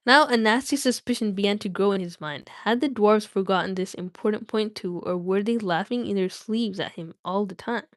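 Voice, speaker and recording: A woman's voice: mid-range voice, normal speed, few pauses, no room sound, clean studio sound. A woman hosting a livestream, chatting playfully with viewers between reading passages of a novel aloud. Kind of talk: casual livestream chat and read-aloud.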